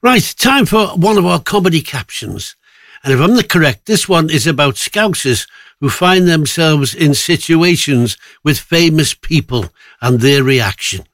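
A man presents a radio show, chatting breezily from item to item. His voice sits a little high. The sound is dry and close. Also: animated, measured pace, a bit bright, no room sound.

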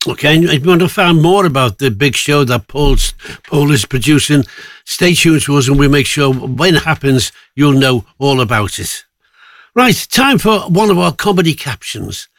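A man's voice: a little high, lively intonation, moderate pace, fairly bright tone, dry recording. A man presenting a casual radio show, chatty and self-mocking. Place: radio studio.

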